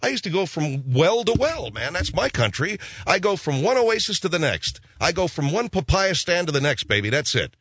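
A man's voice: a little high, sing-song, normal speed, few pauses, a bit bright, breathy edge, dry recording, voice pushed up, full character voice. A man putting on a grumbling desert goat herder. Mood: indignant. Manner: indignant, slangy complaining. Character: grumbling male desert nomad herding goats.

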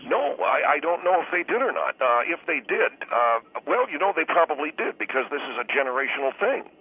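A man's voice: fairly high pitch, big pitch swings, a little fast, slightly rough. Aggrieved man on a tinny phone line. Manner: earnest and aggrieved, explains at length. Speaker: call-in guest. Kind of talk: call-in radio talk. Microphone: telephone.

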